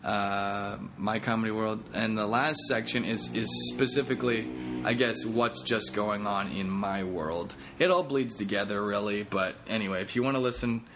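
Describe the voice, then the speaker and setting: Rambling, jokey low-voiced man. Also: moderate pace, music in the background. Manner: rambling, jokey, self-deprecating. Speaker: comedian and podcast host. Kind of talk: casual podcast monologue.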